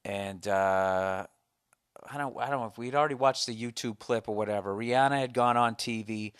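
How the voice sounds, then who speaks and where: A man's voice: mid-range voice, normal speed, clean tone, no echo, clean studio sound. Profane ranting man on a podcast. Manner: profane, ranting, animated storyteller. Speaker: podcast host. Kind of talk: casual comedic podcast chat.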